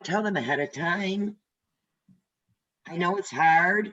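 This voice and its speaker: A woman's voice: on the low side, takes it slowly, highs cut off, a crowd in the background. An older woman teaching a class on a video call, chatty and direct, telling stories as she goes. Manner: chatty, tells stories, talks straight to trainees. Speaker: real estate instructor.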